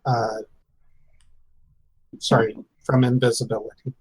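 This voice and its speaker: Slow, husky man on a dry mic. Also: mid-range voice, level tone, a little mellow, low-quality recording. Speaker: player.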